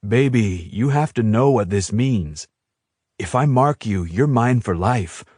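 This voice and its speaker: A man reading an audiobook who voices a fierce, protective young shifter man, low and earnest. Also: expressive, measured pace, darkish tone, breathy edge, no echo, clean studio sound.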